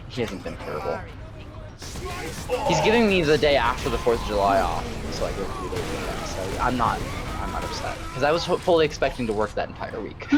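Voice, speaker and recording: Laid-back profane young man chatting. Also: on the low side. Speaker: streamer playing with friends. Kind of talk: casual gaming chat.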